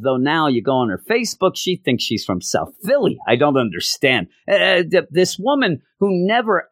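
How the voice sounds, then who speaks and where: Animated sarcastic man reviewing comics. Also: medium pitch, no echo, studio quality. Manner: animated, acts out scenes in mock voices; sarcastic and exasperated. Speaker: podcast host. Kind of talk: casual comic book review.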